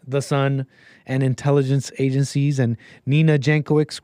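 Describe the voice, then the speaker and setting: A man's voice: medium pitch, dark tone, no echo, clean studio sound. A man hosting a solo commentary livestream, sarcastic and mocking, often laughing at what he reads. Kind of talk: solo political commentary stream.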